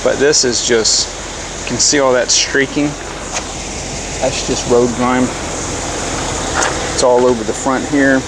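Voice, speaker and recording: A man's voice: mid-range voice, fairly even intonation, unhurried, pauses often, noisy background. A man hosting a casual product review vlog, chatty and informal, who keeps breaking into giggles as he talks to his viewers. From United States. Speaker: car care product reviewer. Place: outdoors by a house and driveway.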